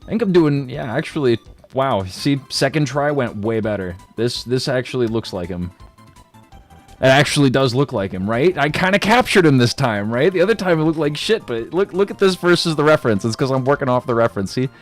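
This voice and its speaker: A man's voice: medium pitch, expressive, fairly quick, faint music behind. A man streaming a game and chatting casually, laid-back and slangy, joking at his own expense and laughing often.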